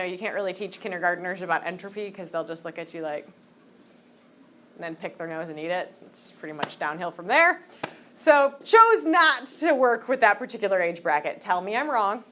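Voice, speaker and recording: A woman teaching a high school class in a classroom, lecturing in a joking, teasing way and throwing questions at the students. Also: big pitch swings, brisk, a bit bright, a little hiss or hum.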